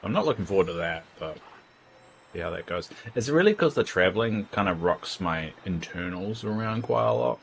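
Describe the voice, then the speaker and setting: A man's voice: sits low, very animated, moderate pace, gravelly, a little hiss or hum. A man chatting casually and frankly while streaming a game, rambling from thought to thought. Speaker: livestreamer. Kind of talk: casual gameplay chat.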